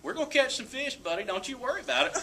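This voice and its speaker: A man putting on his calm, tough country father, speaking in a slow, steady drawl. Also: very high-pitched, creaky, noisy background, exaggerated voice. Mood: reassuring.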